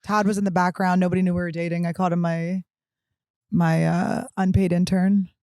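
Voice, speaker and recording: A woman in her thirties hosting a comedy podcast, trading quick jokes and teasing her guest. The sound is dry and close, with no room behind it. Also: lowish voice, flat delivery, darkish tone, no room sound. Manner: joking, teasing, quick banter. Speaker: podcast host. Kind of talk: casual comedic chat.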